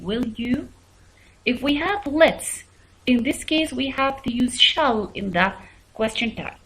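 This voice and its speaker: Lively-voiced woman teaching English grammar. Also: a little high, slight background noise, rough recording. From Arab world. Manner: reads examples aloud and repeats them for emphasis. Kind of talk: recorded grammar lesson.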